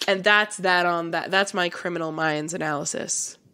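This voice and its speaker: A woman's voice: fairly low pitch, moderate pace, bright, forceful tone, clear, resonant tone. A woman co-hosting a comedy podcast, chatting casually and joking, laughing often. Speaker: podcast co-host.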